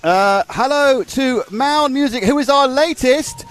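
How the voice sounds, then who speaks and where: A man commentating on a live race stream, excitedly greeting viewers by name. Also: very high voice, measured pace, faint music behind. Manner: excitable, bubbly, reads out viewer names.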